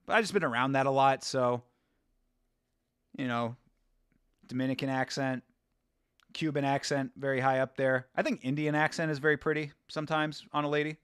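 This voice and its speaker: A man's voice: mid-range voice, fairly even intonation, normal speed, long pauses, a bit bright, smooth, no echo, studio quality. A man hosting a live watch-along stream, chatting casually, rambling and laughing as he reads from chat.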